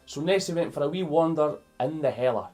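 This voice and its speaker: A Scottish man tells a children's story with playful energy, pausing to explain words to the kids in front of him. His voice sits a bit high for a man and has a husky edge. Faint music plays behind him. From Scotland. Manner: animated and playful, stopping to explain words to young listeners. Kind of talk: reading a picture book aloud to children.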